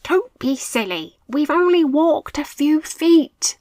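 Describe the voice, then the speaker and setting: A woman's voice: mid-range voice, sing-song, takes it slowly, fairly bright tone, dry recording, rough recording. A woman voicing a bossy young boy mouse who leads his friends with firm commands in a storybook. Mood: urgent.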